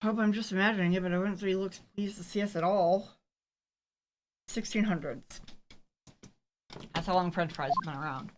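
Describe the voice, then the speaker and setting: A woman's voice: on the low side, normal speed, long pauses, noisy background. A woman chatting casually and joking while playing a game together with a friend. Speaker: game player. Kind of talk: casual let's play chat.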